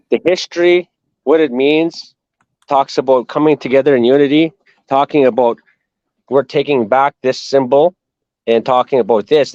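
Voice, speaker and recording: A man's voice: medium pitch, darkish tone, no echo. Rambling man from Canada on a muffled call. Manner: rambling, with many restarts and asides. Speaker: interview guest, activist. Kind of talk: casual storytelling. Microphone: video call. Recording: slightly muffled call audio.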